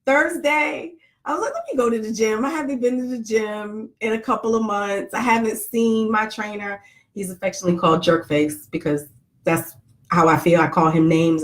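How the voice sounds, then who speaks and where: Chatty, joking woman vlogger. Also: mid-range voice. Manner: chatty, joking, greets viewers by name. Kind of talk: casual chat to live viewers.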